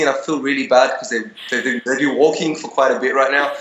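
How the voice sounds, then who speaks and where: A man's voice: mid-range voice, fairly even intonation, quick pace, few pauses, a bit bright, echoey room, lo-fi sound. A young man being interviewed over a video call, telling stories in a rambling way with many restarts and fillers.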